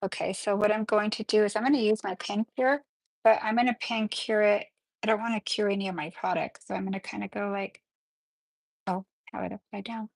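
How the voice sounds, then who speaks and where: A woman hosting a live nail tutorial in a chatty, excitable way, often apologizing as she works. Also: mid-range voice, a little fast, creaky, no echo. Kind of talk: casual live-stream tutorial.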